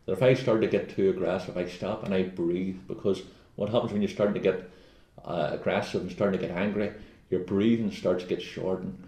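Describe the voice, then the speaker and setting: A man's voice: sits low, steady tone, fairly quick, warm tone. A man co-hosting a casual wellness chat, rambling and jokey as he gives advice. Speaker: co-host. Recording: echoey room.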